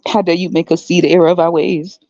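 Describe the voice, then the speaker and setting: A woman's voice: fairly low pitch, flat delivery, quick pace, warm tone, dry recording. A woman in her thirties hosts her own podcast in casual solo commentary. She talks bluntly and profanely, mocking others with a laugh. The sound is dry and somewhat dull. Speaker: podcast host.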